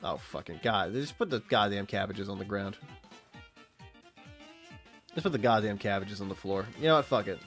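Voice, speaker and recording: A man's voice: lowish voice, expressive, normal speed, long pauses, soft background music. A man in his late twenties streaming a game, rambling in casual, profane commentary and chatting with his viewers and the game's animals. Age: late 20s.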